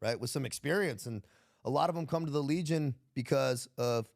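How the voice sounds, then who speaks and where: An American man with a medium-pitched, creaky voice talks fairly quickly. A military veteran guest on a podcast, he tells stories casually and profanely in a laid-back way, laughing often.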